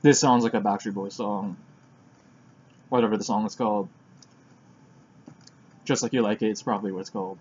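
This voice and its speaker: Man, casual music reaction, husky tone, thinking aloud, dull home recording. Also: lowish voice, moderate pace, pauses often. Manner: relaxed, thinking aloud, eating while talking.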